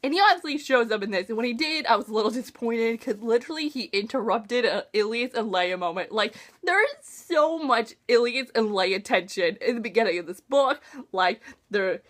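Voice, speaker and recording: A woman's voice: fairly high pitch, animated, moderate pace, a bit bright. A young woman talking casually and emotionally about a book she read, gushing and using slang. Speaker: book reviewer. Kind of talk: casual book talk vlog.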